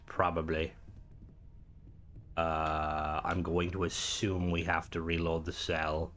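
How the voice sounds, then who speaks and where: A man's voice: fairly low pitch, a bit bright. A man giving casual gameplay commentary while reviewing a game mod, thinking aloud and reacting as he plays.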